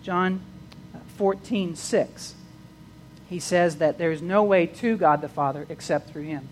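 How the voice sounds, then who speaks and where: A man's voice: a little high, unhurried, a little hiss or hum, rough recording. A man preaching a sermon, repeating words as he restarts phrases and rising into emphatic bursts.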